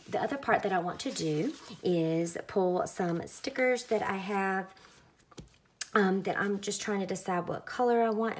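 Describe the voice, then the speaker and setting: Young woman chatting thru a crafting vid, kinda low voice, lots of ums, faint clicks in the background. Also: slight background noise. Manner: chatty, relaxed, lots of fillers. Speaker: craft vlogger. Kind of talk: casual narrated craft tutorial.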